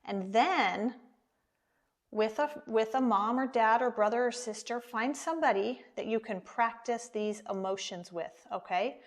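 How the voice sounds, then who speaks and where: This is an American woman running a virtual preschool lesson, her pace slow and her tone encouraging toward young kids. She has a mid-range voice.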